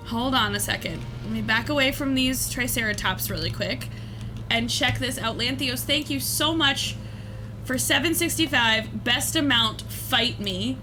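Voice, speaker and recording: Thanking donors with playful giggles, this charity streamer chats casually while gaming, her high voice expressive and her pace measured. Music plays in the background.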